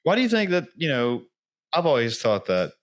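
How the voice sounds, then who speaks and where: A man's voice: mid-range voice, big pitch swings, moderate pace. A man hosting an interview, asking rambling, searching questions in a casual conversational way. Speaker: interview host.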